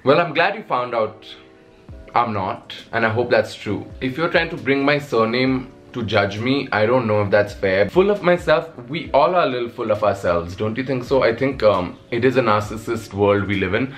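A young man with a Nepali accent speaks in an easygoing, mid-pitched voice, reading out viewer comments and answering them with self-mocking humor. Faint music plays softly behind his vlog talk. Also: moderate pace. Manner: wry, self-mocking, laughs often. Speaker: content creator. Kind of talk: casual vlog answering questions.

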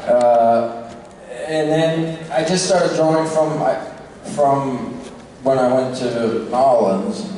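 A tired man chatting casually as a convention panel guest, relaxed and quick to laugh. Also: mid-range voice. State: tired, short on sleep. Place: large convention hall. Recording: echoey hall recorded from far off.

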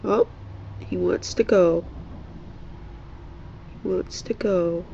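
A woman vlogger talking softly to her old cat and her viewers, in tender coaxing baby talk, sometimes whispering. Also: fairly low pitch, vocal fry, muffled recording, a little hiss or hum. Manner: slow, gentle, at times whispered. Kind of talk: soft chat to a pet and viewers.

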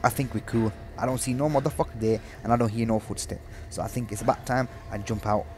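A man's voice: lowish voice, steady tone, quick pace, background noise. A young man doing let's play commentary on a horror game, swearing constantly and yelping in panic. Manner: jumpy, swears constantly, yelps and shouts in panic. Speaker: gaming commentator.

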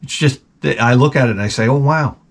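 A man's voice: mid-range voice, quick pace, vocal fry, husky. Profane rambling man. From Long Island, New York. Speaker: host. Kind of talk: casual rambling monologue.

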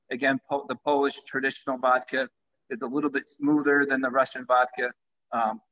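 The founder of a vodka company talks enthusiastically about his product during a live-streamed conversation. His mid-range voice sounds pushed and bright, and the livestream audio is dull and lo-fi.

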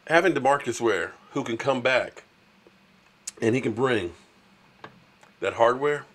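A man's voice: mid-range voice, lively intonation, unhurried, fairly bright tone. A man hosting a casual sports livestream, chatting with viewers and ranting at rival fans. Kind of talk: casual live-stream chat with viewers.

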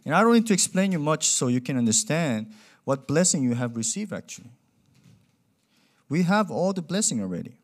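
Lively young male preacher. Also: fairly high pitch, brisk. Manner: animated, acts out quoted voices, non-native grammar. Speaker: pastor. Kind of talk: sermon with storytelling.

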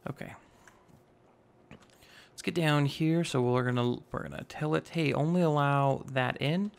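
A man in his twenties with a slightly raspy voice, casually narrating a building game and rambling as he goes. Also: fairly high pitch, unhurried. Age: 20s. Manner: rambling, self-teasing, narrates each step aloud. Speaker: gaming YouTuber. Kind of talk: casual Minecraft let's play commentary.

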